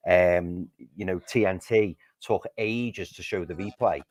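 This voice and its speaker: A man's voice: sits low, unhurried, dry recording. Angry man ranting about football. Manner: furious, ranting, repeats himself for emphasis, swears. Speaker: football podcast co-host. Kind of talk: heated post-match fan chat on a livestream. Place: living room at home.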